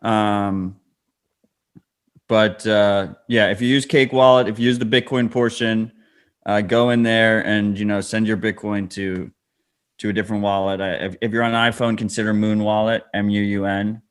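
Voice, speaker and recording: Casting note: male podcast co-host, lowish voice, wry and matter-of-fact. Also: flat delivery, normal speed, clear, resonant tone. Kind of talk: casual chat.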